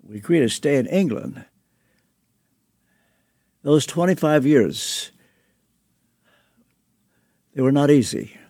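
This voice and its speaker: Slow, gravelly older man reflecting. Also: a little high, lively intonation, no echo, studio quality. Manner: slow, deliberate, with soft chuckles. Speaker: guest author and pastor. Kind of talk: reflective interview storytelling.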